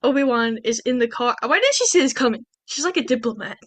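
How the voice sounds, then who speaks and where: A woman's voice: a little high, very animated, fast, a bit bright, dry recording. A woman co-hosting a podcast, recapping a movie in a rambling, chatty way full of restarts. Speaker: podcast co-host. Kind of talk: casual movie recap chat.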